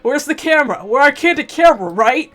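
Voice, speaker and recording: A woman voicing an excitable young male otaku friend in a visual novel read-aloud, with a loose, blunt, emotional manner. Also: high-pitched, brisk, soft background music, pitched above the performer's own voice. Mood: panicked.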